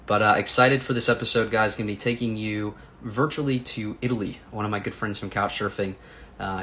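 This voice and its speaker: A man's voice: on the low side, a bit bright, slight background noise. A man hosting a casual live-stream chat, upbeat and chatty, talking to viewers and a guest. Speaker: host.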